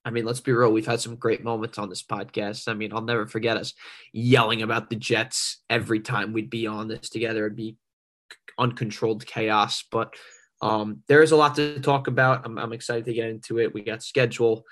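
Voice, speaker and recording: Bright-voiced young man talking sports. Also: lowish voice, level tone, a little fast. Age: young adult. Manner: enthusiastic, stammering restarts. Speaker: podcast co-host. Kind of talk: casual sports podcast chat.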